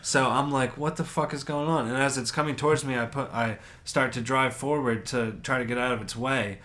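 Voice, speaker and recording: Male podcast co-host, animated storyteller, heavy swearing. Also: mid-range voice, brisk. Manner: animated, swears a lot, acts out his own reactions. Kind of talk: casual storytelling chat.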